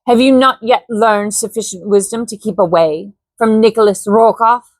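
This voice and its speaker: A cruel male villain sneers and taunts in a slow, deliberate voice, as a woman reading a storybook acts him out. The sound is dry and close, with no room behind it. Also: mid-range voice, no room sound, natural voice. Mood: sneering. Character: sneering villainous Russian man, cruel and menacing.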